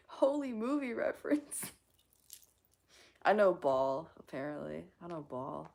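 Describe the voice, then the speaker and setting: Woman streamer reading chat, gravelly voice, giggly, loose and swearing, lively pitch. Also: takes it slowly. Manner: giggly, reads chat aloud, swears casually. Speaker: live streamer. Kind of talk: casual live-stream chat.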